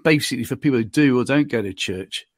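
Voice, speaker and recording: A man's voice: medium pitch, fast, no room sound, studio quality. Chatty man hosting a podcast. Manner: self-deprecating, chatty anecdotes. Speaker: podcast host. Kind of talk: casual storytelling chat.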